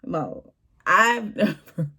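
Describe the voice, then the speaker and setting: A woman's voice: on the low side, sing-song, extremely slow, bright, forceful tone, slightly rough. A young woman vlogger telling a storytime in a casual, slangy, exasperated way.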